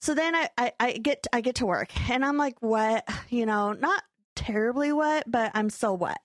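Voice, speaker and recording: A young woman co-hosting a casual podcast, her voice sitting fairly high. She tells a story with animation, acts out what people said and laughs often. The sound is close and dry. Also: moderate pace, no echo. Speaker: podcast co-host.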